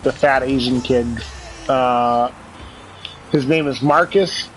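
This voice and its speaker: A man's voice: medium pitch, takes it slowly, slight background noise, low-quality recording. A man co-hosting a casual gaming stream, chatty and sarcastic, laughing often. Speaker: podcast co-host.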